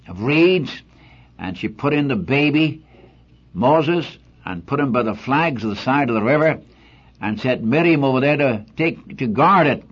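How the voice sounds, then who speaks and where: An older man preaching as a pastor, telling folksy stories and asking his listeners rhetorical questions, in a husky voice. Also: medium pitch, highs cut off. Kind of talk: sermon.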